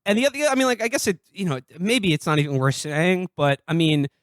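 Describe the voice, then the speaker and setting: Man, podcast co-host, sarcastic, halting, many fillers, fairly high voice, dry mic. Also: very animated, no echo. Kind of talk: casual comedic podcast chat.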